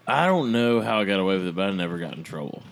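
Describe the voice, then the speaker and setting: Man, lowish voice, casual podcast storytelling, relaxed, chatty. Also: racing, gravelly.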